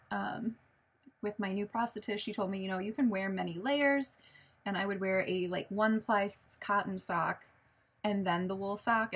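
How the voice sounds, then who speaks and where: A woman's voice: medium pitch, husky. A woman, chatting casually in a show-and-tell vlog, rambling with many ums and self-corrections. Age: late 20s. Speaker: vlogger.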